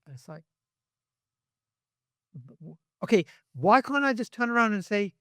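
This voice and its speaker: Animated man, slightly high voice. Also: moderate pace, dry recording, clean studio sound. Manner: animated, acts out quoted voices with sharp pitch jumps. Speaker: podcast guest. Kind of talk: podcast conversation.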